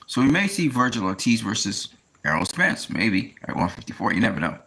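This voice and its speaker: Man, low gravelly voice, bright edge, casual rambling talk, lots of ums. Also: sing-song. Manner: rambling, pauses to recall names. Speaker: boxing commentator. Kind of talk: casual monologue.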